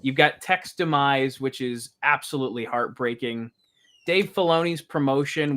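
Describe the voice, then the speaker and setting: A man's voice: mid-range voice, a bit bright. A man co-hosting a fan podcast, earnestly reading out award nominees with some stumbles. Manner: earnest, halting, stumbles over phrasing. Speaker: podcast co-host presenting categories. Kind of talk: casual chat.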